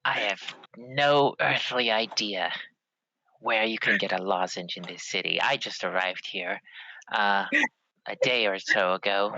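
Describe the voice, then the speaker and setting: A man voicing a clawed female warrior for a tabletop game, speaking in a formal, courteous, measured way. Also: lowish voice, gravelly, pushed and bright, no echo, lo-fi sound, full character voice.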